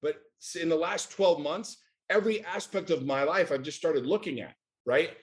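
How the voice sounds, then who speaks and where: A man's voice: fairly high pitch, normal speed. A man in his forties from the United States, a podcast guest talking in a blunt, emphatic, profane way. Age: 40s. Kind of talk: casual chat.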